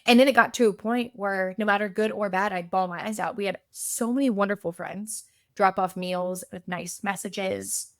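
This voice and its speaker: A woman's voice: mid-range voice, dry recording, clean studio sound. A woman, a podcast guest, telling her story in a chatty, casual way, full of fillers and acted-out quotes.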